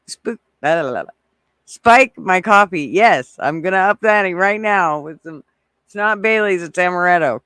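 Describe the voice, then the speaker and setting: A man's voice: high voice, sharp tone, no room sound. A man hosting a casual livestream, chatting with viewers in a rowdy, profane way, laughing often and swearing freely. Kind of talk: casual live chat. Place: indoors, hot weather, near an RV.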